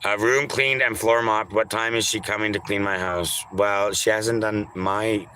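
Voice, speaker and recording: A man reading his chat on a live stream, talking slowly in a bright, forceful voice. He teases viewers, calls their names over and over in mock pleading, and swears offhandedly. A faint room hum sits behind him. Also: on the low side, steady tone. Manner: teasing, repeats names in drawn-out pleading calls; crude, offhand.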